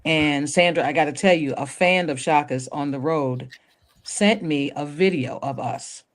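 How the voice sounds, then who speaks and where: Low-voiced lady singer chatting on a show, tells stories, acts out what people said. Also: a little slow. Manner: animated storyteller, acts out quotes. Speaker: guest singer. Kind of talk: casual interview chat.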